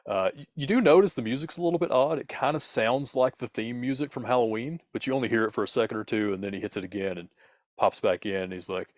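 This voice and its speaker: A man's voice: mid-range voice, quick pace, dry recording, studio quality. A man co-hosting a podcast, telling a playful, dramatic spooky story in the second person.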